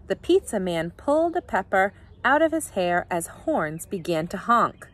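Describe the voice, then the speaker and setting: Animated woman reading a storybook. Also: medium pitch, a little slow. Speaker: teacher reading aloud. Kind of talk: storybook read-aloud.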